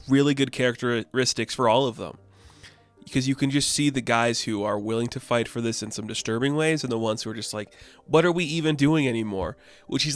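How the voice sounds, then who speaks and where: A man chatting casually through a comic book review, rambling and filling gaps with "like". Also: medium pitch. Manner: rambling, many "like" fillers.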